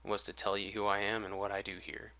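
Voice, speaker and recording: A man's voice: on the low side, completely flat delivery, brisk, bright, forceful tone. A man voicing a frightened, secretive old sailor with a Yankee accent and old-fashioned speech, in a storybook reading on dull lo-fi audio. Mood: wary, secretive. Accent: Yankee (New England). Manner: old-fashioned dialect, wary and urgent.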